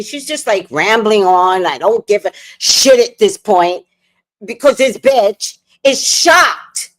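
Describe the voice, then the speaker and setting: Woman host, casual late-night stream chatter, slightly high voice, lots of laughing and cursing. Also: animated, takes it slowly, fairly bright tone. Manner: profane, laughs often, reads viewer comments aloud. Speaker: livestream host.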